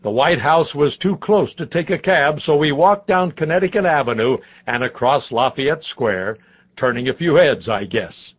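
A man's voice: fairly high pitch, expressive, slightly rough, dull audio. Man narrating a memoir audiobook. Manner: measured first-person storytelling.

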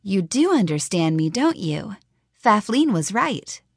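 A woman's voice: mid-range voice, sing-song, unhurried, husky, no room sound, studio quality, exaggerated voice. A woman voicing an earnest, practical young woman in a fantasy audiobook, speaking in a reasoning, slightly unsure way. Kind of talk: audiobook character voice.

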